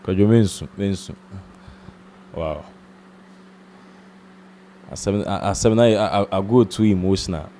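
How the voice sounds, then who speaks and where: Deep, dark-voiced Ghanaian interviewer. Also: male voice, unhurried, pauses often, a little hiss or hum. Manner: urges viewers to subscribe, mixes in English. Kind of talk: casual interview talk.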